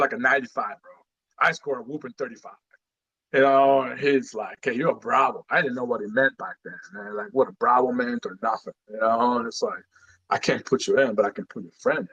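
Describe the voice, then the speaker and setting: Casual, animated storytelling man. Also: mid-range voice, slightly rough, poor audio. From Guatemala. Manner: animated, street-casual storyteller, acts out quotes, many "you know"s. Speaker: guest, retired Marine sergeant major. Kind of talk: casual storytelling in a podcast interview.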